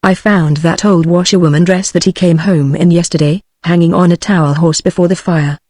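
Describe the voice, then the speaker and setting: A woman's voice: fairly low pitch, brisk, no room sound, studio quality, natural voice. A British text-to-speech woman's voice reading the lines of a cheerful, confident male mole in a storybook. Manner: flat synthetic delivery.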